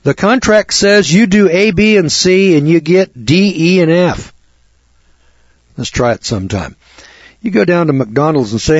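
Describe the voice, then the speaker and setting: A man's voice: on the high side, animated, a little slow, no room sound. A man preaching a sermon in a blunt, folksy, crude manner, recorded on a dull lo-fi recording.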